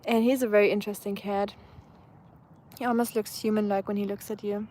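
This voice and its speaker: A German woman with a German accent talks a little fast in a warm, medium-pitched voice with flat delivery. She's casually chatting on a sunny outdoor live stream, answering comments with frequent fillers and restarts.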